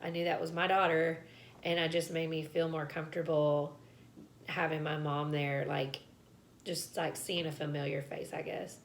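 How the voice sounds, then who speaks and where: A woman's voice: low voice, level tone, moderate pace, slight background noise. A young woman, telling a personal story to camera in a chatty, casual way, laughing and filling with "like" and "um.". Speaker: vlogger.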